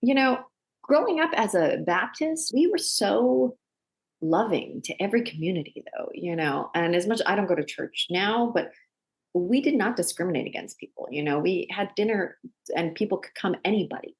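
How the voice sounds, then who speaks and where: A woman guest, an actor and director, talking casually on a podcast and telling animated stories with laughter in between. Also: medium pitch, normal speed.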